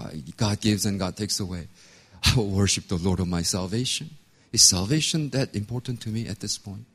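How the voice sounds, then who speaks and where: Animated man telling a sermon story. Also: lowish voice, breathy edge. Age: 50s. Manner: animated storytelling, acts out voices, laughs often. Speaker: pastor.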